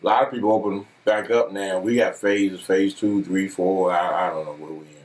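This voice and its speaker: A man's voice: deep voice, steady tone, normal speed. A man co-hosting a mukbang eating show, talking in a laid-back, drawling casual chat while he eats. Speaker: mukbang co-host.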